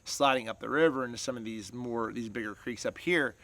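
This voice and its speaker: A man's voice: mid-range voice, a little fast, fairly bright tone. A man hosting a fishing channel, chatting casually to camera as he explains his gear step by step and asks viewers for their opinions.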